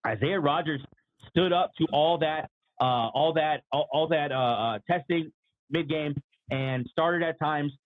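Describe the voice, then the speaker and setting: Man, casual sports chat, a bit hoarse, throat-clearing, slightly high voice, phone-like sound. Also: a little slow, no echo. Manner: restarts, clears his throat often. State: slightly losing his voice. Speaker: podcast co-host. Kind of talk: casual sports talk livestream.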